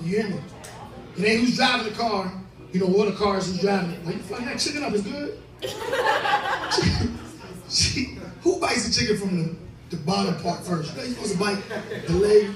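This very animated, high-pitched man talks fairly quickly but leaves long pauses while hosting a stand-up show. He does profane, brash crowd work, laughing often and a little drunk, recorded from a distance in an echoey club with crowd noise.

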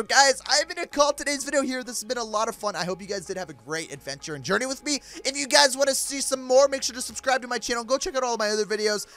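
An excitable young man hosts a game role-play video with a bright, high voice that swings widely in pitch. He talks in an exaggerated way, with faint music underneath. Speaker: gaming YouTuber.

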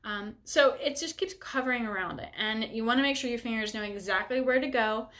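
A woman's voice: fairly high pitch, a little fast, a bit bright. A young woman teaching a music lesson, upbeat and encouraging, explaining each step plainly. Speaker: bassoon teacher.

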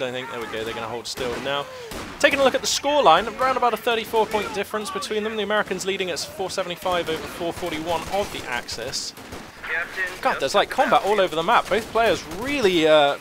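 A young man doing live match commentary, chatty and wry, with plenty of fillers and self-mocking asides. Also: on the high side. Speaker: game caster. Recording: game battle sounds and gunfire behind. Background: gunfire, vehicles and battle noise from the match.

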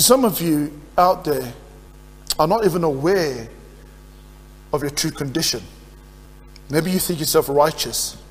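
A man preaching as pastor, earnest and putting questions to his congregation. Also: on the high side. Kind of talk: sermon. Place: church. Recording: reverberant church hall.

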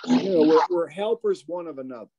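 A man teaching a Bible study in a casual, halting way, often asking if listeners follow. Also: on the high side, animated, muffled recording, crowd noise.

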